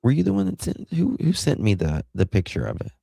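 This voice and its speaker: Fairly high-pitched with huge pitch swings, this American livestream host talks a little fast in a creaky, husky, mellow voice, recorded with no echo. He casually reads viewer comments, laughing often and warmly thanking people by name.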